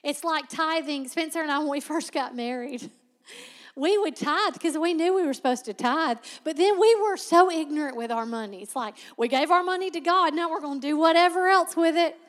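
A woman preaching a sermon as a Bible teacher, conversational but emphatic and slowing sharply to stress key words. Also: high-pitched, big-room sound.

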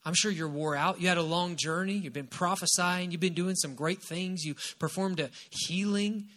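A man's voice: sits high, moderate pace, pushed and bright. A man preaching voices an ancient king, speaking urgently within his sermon. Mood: coaxing. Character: angry then pleading ancient male king.

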